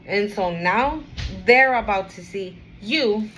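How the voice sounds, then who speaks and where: Slow, chatty woman giving a card reading. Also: medium pitch, animated, fairly bright tone, soft background music, poor audio. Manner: rambling and chatty, encouraging the viewer. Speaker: tarot and oracle card reader. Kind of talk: casual spiritual card reading to camera.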